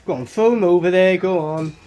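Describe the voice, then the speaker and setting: A man's voice: high-pitched, brisk, a little mellow, faint music behind. A man reviewing a movie in sarcastic, mocking commentary full of swearing. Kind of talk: profane commentary over film clips.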